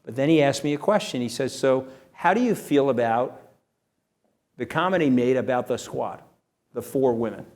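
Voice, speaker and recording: A man, an interview guest telling animated stories in a punchy way, often tagging his lines with "okay?". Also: mid-range voice, moderate pace. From New York. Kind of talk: animated storytelling.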